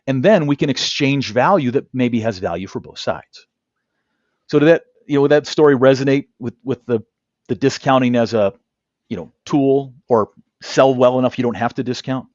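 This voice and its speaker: A man's voice: medium pitch, no room sound, highs cut off. A man, a negotiation trainer, telling stories in an interview over a video call and acting out quoted dialogue. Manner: animated, acts out quoted dialogue. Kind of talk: interview storytelling. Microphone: video call camera.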